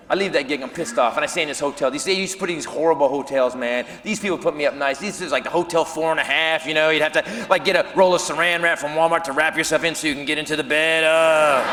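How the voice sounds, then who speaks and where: A middle-aged man doing a stand-up comedy set, telling a story in a loud, animated way with shouted punchlines. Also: fairly high pitch. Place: comedy stage before a live audience. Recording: live hall recording with audience noise.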